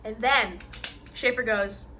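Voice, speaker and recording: A young adult woman telling a long story in casual mukbang chat, animated and full of fillers, acting out what others said. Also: fairly high pitch, slow pace, noisy background. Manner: animated storyteller, acts out quotes, many fillers.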